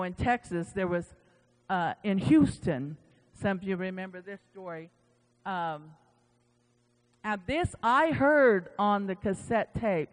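Preacher telling revival stories in a reverberant church. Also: medium pitch. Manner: animated, retelling stories with quoted dialogue. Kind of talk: sermon storytelling. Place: church sanctuary. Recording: long church-hall reverb.

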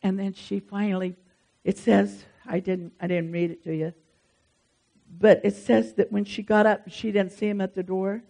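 A pastor delivers a sermon. The delivery is lively and emphatic, and the preacher turns often to address the congregation directly and warmly by name. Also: medium pitch, moderate pace, vocal fry.

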